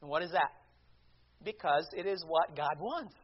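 Man, high voice, unhurried sermon, emphatic preaching, muffled lo-fi recording. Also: husky. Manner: deliberate, emphatic preaching with rhetorical questions. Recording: dull lo-fi recording.

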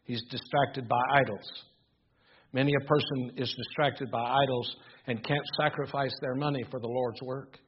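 An older man preaching a sermon, reading scripture aloud and moving between hushed musing and rising, emphatic exhortation. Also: mid-range voice, fairly even intonation, normal speed, husky, lo-fi sound. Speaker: pastor.

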